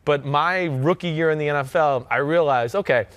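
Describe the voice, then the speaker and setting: A man in his thirties with a New Jersey accent, hosting a sports podcast in loud, animated casual chat. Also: a little high, normal speed, clean tone, dry recording. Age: 30s. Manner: loud, animated, talks with filler and restarts. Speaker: podcast host.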